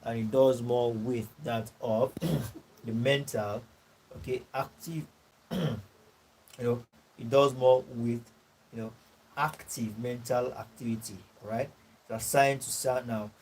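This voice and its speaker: A man with a Nigerian English accent teaching a course class, repeating his points, clearing his throat and checking in with "all right" and "you know". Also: medium pitch, fairly even intonation, takes it slowly, long pauses, a little mellow, slight background noise, low-quality recording. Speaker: course tutor. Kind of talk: classroom lecture.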